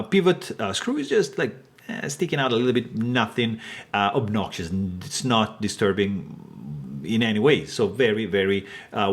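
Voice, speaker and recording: A man giving a detailed, enthusiastic product review, talking with many fillers and hesitations while he shows the item. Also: mid-range voice. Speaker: knife reviewer.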